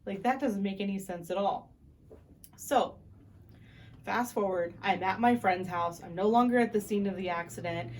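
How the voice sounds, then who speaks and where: A young woman vlogging to camera, retelling a story in a casual, animated way and acting out the people she quotes. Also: medium pitch, normal speed, a little hiss or hum.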